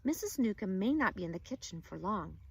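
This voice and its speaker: A woman's voice: mid-range voice, very animated, a little fast, gravelly, slightly rough, heavily acted. A woman doing a tiny, firm little father. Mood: urgent. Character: tiny careful father, small man.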